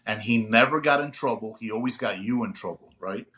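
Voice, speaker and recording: A middle-aged man, a retired police sergeant, telling a story in a lively, chatty podcast chat and often checking in with his listeners. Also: lowish voice, a little fast.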